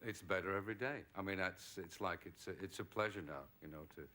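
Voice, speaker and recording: A man's voice: sits low, fast talker. A middle-aged English actor, a talk show guest, telling anecdotes and acting out the voices of people in his stories. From England. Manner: lively storyteller, acts out quoted voices. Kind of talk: anecdotal chat.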